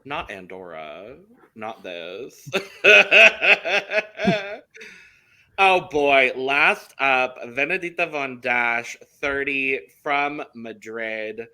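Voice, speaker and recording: A man with a very bright, forceful voice, chatting casually as a podcast co-host. He reads out details with plenty of enthusiasm. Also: mid-range voice, animated, slow pace, clear, resonant tone. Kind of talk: casual chat.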